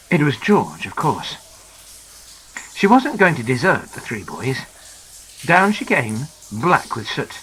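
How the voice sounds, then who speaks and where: Expressive man narrating an adventure storybook. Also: mid-range voice, slow pace, pauses often, rough recording. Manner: dramatic, very expressive. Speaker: audiobook narrator. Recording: narration over clear music.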